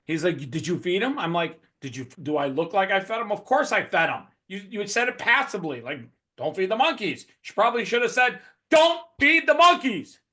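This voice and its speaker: A man's voice: sits high, fairly quick. A man hosting a podcast, telling stories animatedly and swearing often in a casual conversation. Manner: animated profane storytelling. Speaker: podcast host.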